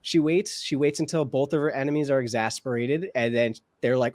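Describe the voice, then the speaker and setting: A man's voice: mid-range voice, normal speed, hardly any pauses, a little mellow, no room sound. A man co-hosting a reaction show, talking casually and thinking aloud with lots of hedges and restarts. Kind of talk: casual discussion.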